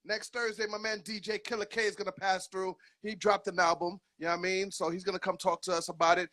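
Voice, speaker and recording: A man's voice: high-pitched, little pitch movement, fast talker, sharp tone. A man hosting a radio show, chatting casually with a guest in hyped, slangy talk and laughing often. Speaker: radio DJ host. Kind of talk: casual radio interview chat.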